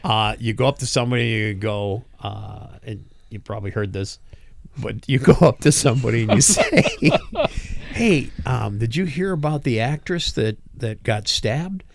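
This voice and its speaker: Animated man telling jokes. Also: medium pitch, normal speed, creaky. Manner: animated storyteller, chuckles through jokes. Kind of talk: casual chat.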